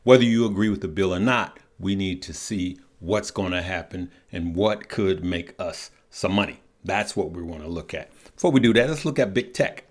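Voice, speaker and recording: A man's voice: sits low, normal speed, hardly any pauses. A man hosting a casual stock market show, upbeat and chatty, drawling "y'all" and "good people" at his viewers. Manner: upbeat, chatty, laughs at the news.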